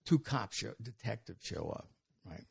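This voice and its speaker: Older Brooklyn-born comic, gravelly and husky, dry close sound, rambling storyteller. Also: male voice, fairly low pitch, moderate pace, no echo. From Brooklyn, New York. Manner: animated anecdote-telling, frequent restarts. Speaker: comedian guest. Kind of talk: podcast storytelling.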